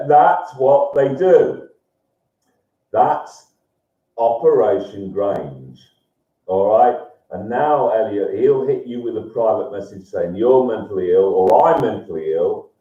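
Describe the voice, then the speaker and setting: A man hosts a live stream, rambling through viewers' messages and bursting into sweary rants. His delivery is slow with a mellow, dark tone. He sits well back from the mic in an echoey room, and the sound is dull and lo-fi. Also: medium pitch. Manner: swings into loud swearing rants, laughs a lot. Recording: roomy, distant, dull lo-fi sound.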